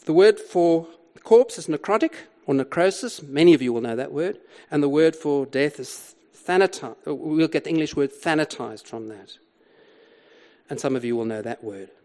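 With a warm, somewhat high voice at a normal pace, an older man explains a Bible passage in a sermon. He is emphatic, circling back to key words and asking rhetorical questions.

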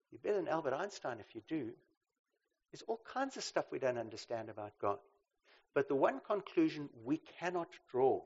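A man preaching a sermon. He swings between loud emphasis and quiet asides and keeps checking in with "right?". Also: mid-range voice, creaky, breathy edge. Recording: slightly dull lo-fi recording.

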